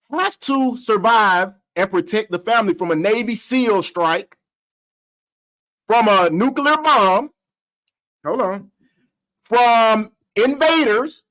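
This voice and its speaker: A man putting on the voice of a smug male relationship guru who lectures in a calm, condescending, mock-serious way. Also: very high-pitched, exaggerated voice, poor audio. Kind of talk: comedic impression.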